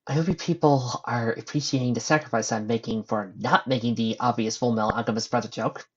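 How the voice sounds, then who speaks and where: A man's voice: medium pitch, fairly even intonation, brisk, lo-fi sound, slight background noise. A man reading a fan story aloud as narrator, breaking off for wry, sarcastic joking asides. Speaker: narrator and fanfic reader.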